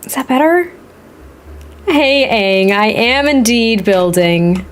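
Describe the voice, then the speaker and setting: A woman with a Boston accent chatting frankly and thinking out loud while building a house in a life-sim game. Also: a little high, expressive, normal speed. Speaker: Sims builder streamer. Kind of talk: casual gaming commentary while building.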